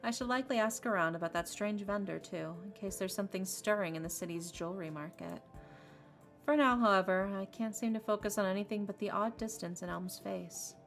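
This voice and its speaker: A woman's voice: mid-range voice, brisk, vocal fry, fairly bright tone, faint music behind. A woman reading the inner narration of a young woman who heads her family, in a visual novel. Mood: thoughtful.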